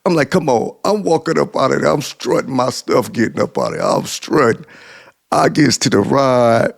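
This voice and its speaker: A man's voice: medium pitch, expressive, moderate pace, creaky, no room sound, clean studio sound. A man vlogger telling a personal story to the camera, chuckling through his words and repeating himself for emphasis.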